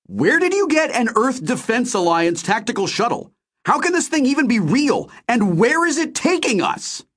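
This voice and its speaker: A man voicing a panicked young man yelling. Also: big pitch swings, moderate pace, breathy edge, heavily acted. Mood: furious shouting. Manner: shouting, high-strung. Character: furious, frightened young man shouting at a friend.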